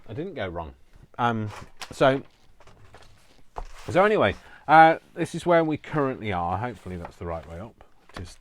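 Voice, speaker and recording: A middle-aged man from England, chatting casually and rambling to camera with many fillers and self-mocking asides. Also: medium pitch. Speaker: crafting vlogger.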